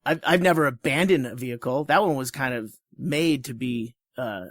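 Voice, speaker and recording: A man co-hosting a podcast in casual chat, reacting with laughs and quick jokes. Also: mid-range voice, a bit bright, no room sound, studio quality. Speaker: podcast co-host.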